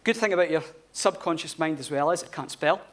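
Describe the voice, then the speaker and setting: A man's voice: fairly high pitch, brisk. Blunt man giving a talk. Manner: blunt, swearing, informal. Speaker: conference speaker. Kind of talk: live conference talk. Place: conference hall.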